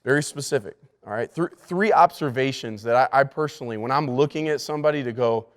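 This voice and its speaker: A male pastor with a mid-range voice talks fast as he gives church staff a leadership lesson. He's emphatic, repeats key words, and often restarts his sentences, all within a long hall reverb.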